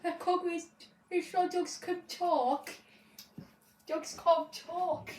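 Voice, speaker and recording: A woman joining a pretend court game, asking slow, playful questions. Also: very high-pitched, fairly even intonation, darkish tone, distant mic. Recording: echoey room, voice from afar, faint hiss.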